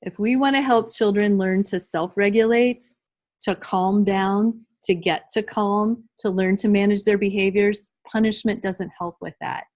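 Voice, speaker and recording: A woman's voice: medium pitch, steady tone, unhurried, darkish tone, rough recording. A middle-aged woman leading a live training workshop, talking conversationally and addressing the group directly.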